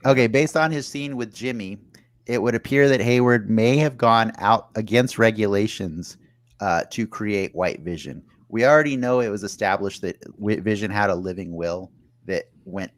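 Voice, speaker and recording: A man's voice: fairly low pitch, moderate pace, dry recording. A man hosting a casual podcast, arguing his points and restarting sentences as others cut in. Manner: argumentative, talks over others with many restarts. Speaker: podcast host.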